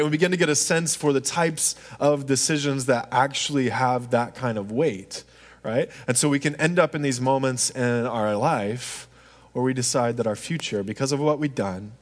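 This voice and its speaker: A man preaching a storytelling sermon in a conversational way, often checking in with the audience with "right?". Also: mid-range voice. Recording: long hall reverb.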